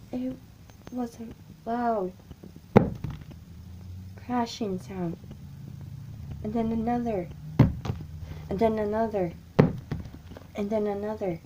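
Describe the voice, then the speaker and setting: A woman narrating a first-person horror story in a halting, frightened way, stammering and often dropping to a whisper. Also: a little high, fairly even intonation, heavy background noise.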